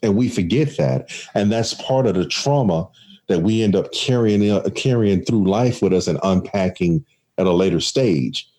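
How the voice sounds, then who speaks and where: A man's voice: low voice, lively intonation, normal speed, mellow. A man in casual conversation, reflective and storytelling, with many restarts.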